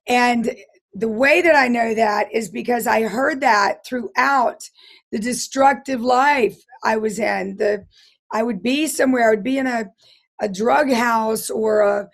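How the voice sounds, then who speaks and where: Woman, middle-aged, hoarse, gravelly voice, earnest halting testimony. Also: on the high side. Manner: earnest, halting storytelling with restarts. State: hoarse, losing her voice. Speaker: interview guest. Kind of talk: personal testimony interview.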